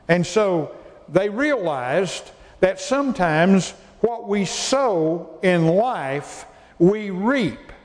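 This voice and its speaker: Man, preaching, folksy and repetitive, higher voice, reverberant hall. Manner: folksy, repeats phrases for emphasis. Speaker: pastor. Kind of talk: sermon.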